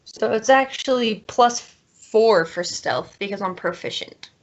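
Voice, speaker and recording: Slow-talking woman player in a tabletop game. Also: medium pitch, muffled recording.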